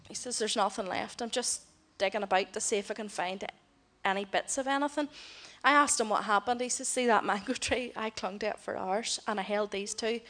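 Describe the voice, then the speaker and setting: A woman's voice: mid-range voice, fairly quick, hardly any pauses, fairly bright tone. A middle-aged woman, giving a heartfelt mission report to a church congregation and voicing the people she quotes. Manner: heartfelt storytelling, voices others in quotes. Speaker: missionary speaker.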